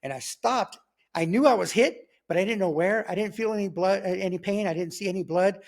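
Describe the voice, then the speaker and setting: A man casually telling his own story in slangy talk, acting out sounds like gunshots as he goes. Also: brisk. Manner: animated, slangy, acts out sounds like "boom" and "pow". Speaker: guest telling his testimony.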